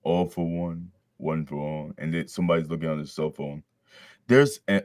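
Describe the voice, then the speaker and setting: A man's voice: a bass voice, moderate pace, darkish tone, no echo, studio quality. A man casually reading a manga chapter aloud, breaking in with slangy, joking commentary. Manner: slangy, joking asides between read lines. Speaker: manga reader.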